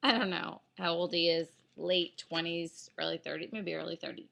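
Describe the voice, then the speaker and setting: A woman vlogger telling a story to her camera in a casual, animated way, laughing through it. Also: fairly low pitch, moderate pace, gravelly.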